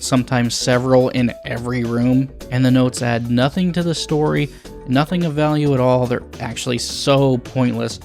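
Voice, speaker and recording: A man's voice: mid-range voice, a little mellow. A young man reviewing a video game, blunt and sarcastic with crude jokes.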